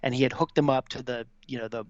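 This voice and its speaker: Fast-talking in a steady, mid-range tone, this man in his fifties is a veteran guesting on a podcast. He spins a crude, casual anecdote, voicing the people in it, and the recording is dry and slightly dull.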